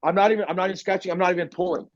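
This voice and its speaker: A man telling a personal story on a podcast, animated and swearing often, acting out what people said. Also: sits high, rapid-fire, no room sound. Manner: animated, swears a lot, acts out quotes loudly. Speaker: podcast guest. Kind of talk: casual storytelling. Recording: dry, dull lo-fi podcast audio.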